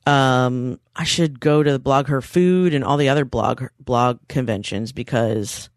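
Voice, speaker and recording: A woman in her thirties with a bass voice speaks at a measured pace while co-hosting a podcast, trading stories in casual talk and swearing liberally. The sound is dry and clean, like a studio.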